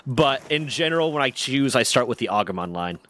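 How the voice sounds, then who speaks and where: A man hosting a casual stream, chatting with a co-host and reading chat aloud, joking and rambling with quick asides. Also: medium pitch, animated, fairly bright tone.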